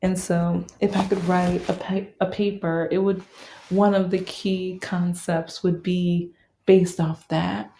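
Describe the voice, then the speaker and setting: A woman's voice: fairly low pitch, level tone, slow, warm tone, echoey room, a little hiss or hum. A woman talking casually about a film she loved, rambling with many fillers and restarts. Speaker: vlogger reviewing a film. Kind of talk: casual monologue.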